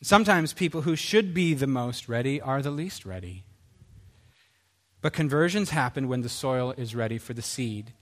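A middle-aged man preaching a sermon, animated, asking rhetorical questions and acting out quoted voices. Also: mid-range voice, normal speed.

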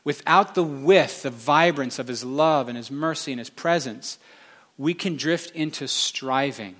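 A man's voice: on the high side, fairly bright tone. A male pastor preaching a sermon with passion, stressing his points through repeated phrases.

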